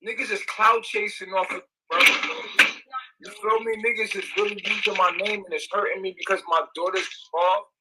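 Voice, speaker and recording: A man's voice: high voice, steady tone, moderate pace, heavy background noise. A young man, ranting in an agitated, repetitive, profane livestream monologue.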